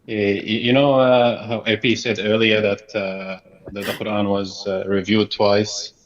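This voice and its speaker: A man's voice: on the low side, little pitch movement, measured pace. Man, podcast guest, hesitant, dull lo-fi audio. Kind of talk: casual group chat on a call.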